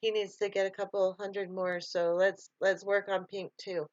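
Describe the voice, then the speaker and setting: A woman's voice: mid-range voice, level tone, normal speed, dry recording, lo-fi sound. A woman hosting a casual live stream, chatting loosely, laughing often and answering viewer comments.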